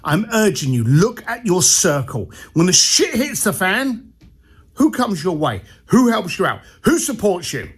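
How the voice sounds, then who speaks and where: A man's voice: sits high, sing-song, a little slow, breathy edge. A man, an entrepreneur coach, telling a blunt and punchy motivational story. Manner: blunt, punchy, acts out dialogue.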